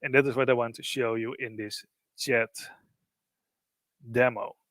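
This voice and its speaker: A man at an everyday middle pitch walks an audience through a software demo step by step. His phrasing is loose and explanatory, peppered with fillers. The sound is dry and close, with no room echo. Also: steady tone, a little slow. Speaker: presenter. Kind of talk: live software demo walkthrough.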